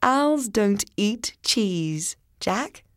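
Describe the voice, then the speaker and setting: A woman's voice: mid-range voice, lively intonation, very slow, dry recording, clean studio sound. Woman doing a kindly older aunt. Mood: gently explaining.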